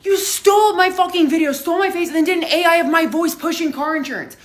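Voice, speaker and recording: A woman's voice: extremely high pitch, fast. A hungover young woman telling a story in a casual vlog, swearing heavily and animatedly.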